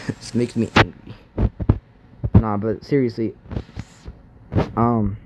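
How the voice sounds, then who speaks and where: A man's voice: mid-range voice, a little mellow. A young man rambling in a casual, filler-heavy rant, often frustrated and saying bro, through a muffled mic. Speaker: gaming YouTuber. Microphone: muffled mic blocked by device case. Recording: muffled audio with faint background noise.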